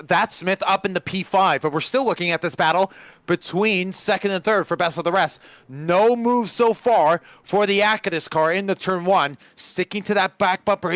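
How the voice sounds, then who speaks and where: A man giving live commentary on a sim race, chatty and getting excited in close battles. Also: sits high, no room sound. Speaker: lead commentator.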